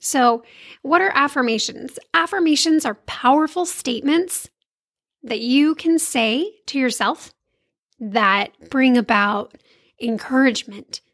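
A bubbly woman in her thirties hosts a casual motivational talk, bright and upbeat, sprinkling playful slang into her encouragement. Her voice sits a little high. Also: a little slow. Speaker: podcast host and confidence coach.

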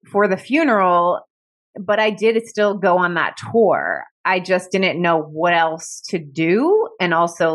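A woman speaks as a guest in a conversation, recounting her own experience openly. Her voice sits a bit low for a woman. She talks in a candid, reflective way, leaning on "like" as she gathers her thoughts, with emotion close to the surface. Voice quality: emotional, close to tears at times. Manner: candid and reflective, heavy use of "like". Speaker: podcast guest. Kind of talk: personal storytelling in conversation.

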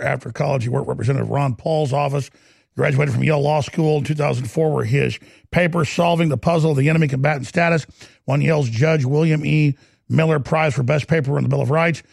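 A man hosting a talk radio show who introduces his guest in a rapid, gruff, emphatic way on a close studio mic. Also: medium pitch, a little mellow, no room sound.

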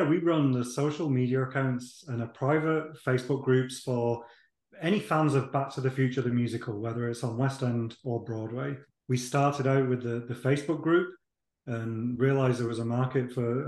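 A man talks as a podcast guest, laying things out in a relaxed, explanatory way with the odd restart. His voice sits at an ordinary middle pitch. The recording has a roomy echo around it. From United Kingdom. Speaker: guest, fan community founder. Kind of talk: casual interview answers. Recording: echoey room sound.

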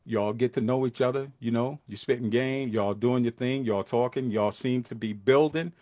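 A man's voice: medium pitch, normal speed, a little mellow, no room sound, clean studio sound. Earnest slangy middle-aged man. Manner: slangy and earnest, with many fillers. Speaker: livestream host. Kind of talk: casual talk to viewers.

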